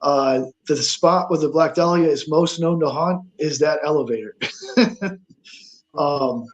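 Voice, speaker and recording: A man telling a ghost story as a guest on a paranormal talk show, halting, with many fillers and restarts. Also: a little high, dull audio.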